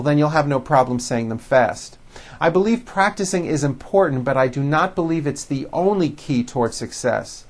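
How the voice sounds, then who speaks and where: American guy teaching pronunciation, slow and super clear, kinda high voice. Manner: slow, deliberate, clearly enunciated. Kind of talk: scripted instructional talk to camera.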